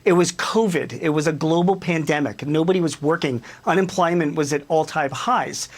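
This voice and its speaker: A man speaking as a business commentator and guest on a TV news interview, animated and emphatic, with many fillers. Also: fairly high pitch, normal speed.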